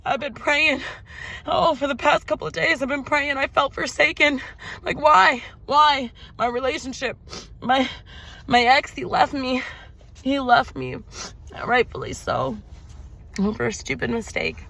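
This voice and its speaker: Speaking at a moderate pace, this spiritual vlogger's voice sits high, pushed and bright, with no echo. Her emotional testimony to viewers is preachy and direct, full of swearing and repeated phrases for emphasis.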